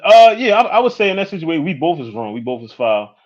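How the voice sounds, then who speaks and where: A man's voice: fairly high pitch, big pitch swings, fast talker. A man in his thirties, a podcast guest talking candidly and casually, often checking in with "you know what I'm saying.". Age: 30s. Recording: dull lo-fi sound.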